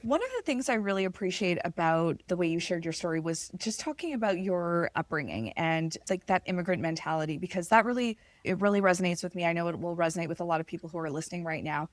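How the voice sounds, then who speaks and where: A woman's voice: fairly low pitch, animated, fast, few pauses, no room sound. A woman hosting a podcast interview, chatting casually and affirming her guest before asking questions. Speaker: podcast host.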